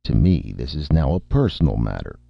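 A man voicing a bombastic, self-important male film director who shouts his lines theatrically, in a dry, slightly muffled recording. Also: rumbling low, sing-song, a little fast, creaky, husky, no echo, exaggerated voice. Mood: indignant.

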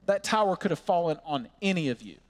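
A high-pitched man delivers an earnest, impassioned sermon, slowing to lean on key words. His voice rings with a long reverb, as in a church hall. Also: expressive. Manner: earnest, impassioned preaching with slow emphatic pauses. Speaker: pastor.

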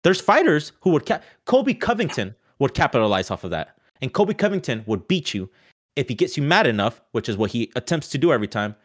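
A man talking fast and loose in a casual sports chat, restarting his sentences and leaning on "like" as a filler. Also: medium pitch. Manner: animated, restarts often, many "like" fillers.

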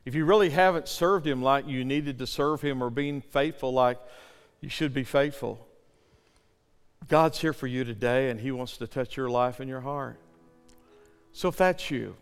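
A middle-aged male pastor preaching a sermon and leading a prayer, swinging from loud impassioned pleading to hushed near-whispers. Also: medium pitch, smooth. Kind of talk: sermon with altar call. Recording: long hall reverb.

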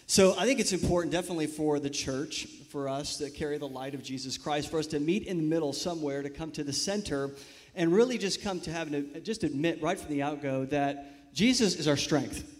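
A man who leads missions, speaking earnestly and in measured words about faith and wisdom. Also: fairly high pitch. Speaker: missions executive. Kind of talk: sermon-like reflection.

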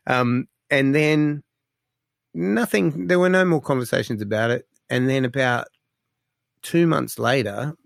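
A man with a gravelly, fry-edged voice tells stories as an interview guest. He talks casually and gets animated, with lots of fillers, and the sound is dry and close. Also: mid-range voice, measured pace, dry recording. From Australia. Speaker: guest musician.

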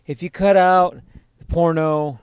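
A man's voice: on the high side, measured pace, clean tone, no echo, clean studio sound. A man co-hosting a crude, casual chat, swearing constantly and laughing at his own jokes. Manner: profane, joking, laughs often.

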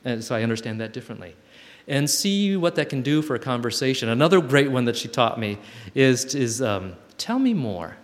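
A man giving a gentle, reflective spiritual talk to a camp group, with playful asides, and reading old letters aloud. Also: mid-range voice, fairly quick. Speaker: camp speaker. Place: hall with long reverb. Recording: live talk in a reverberant hall.

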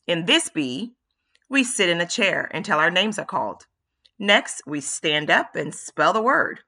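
A woman reading a first-person audiobook chapter in a steady, measured way. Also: lowish voice. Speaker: audiobook narrator.

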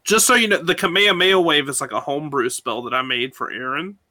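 A man's voice: a little high, quick pace, bright, forceful tone. A man playing a tabletop game, playful and teasing in casual chat. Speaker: player.

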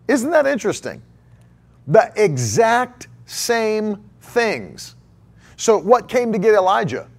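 Brief: man preaching with a high, lively voice that swings widely, emphatic and full of repetition. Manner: emphatic, repeats key phrases, asks rhetorical questions. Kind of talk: sermon.

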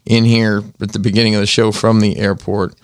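A man's voice: lowish voice, level tone, fairly quick, no room sound, clean studio sound. A man co-hosting a podcast in casual chat, rambling with wry asides about his week. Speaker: podcast co-host.

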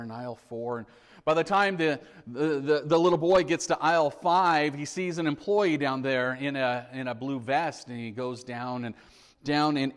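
A man preaching a sermon, earnest and storytelling, swelling and dropping for emphasis and often repeating words. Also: mid-range voice. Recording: long hall reverb.

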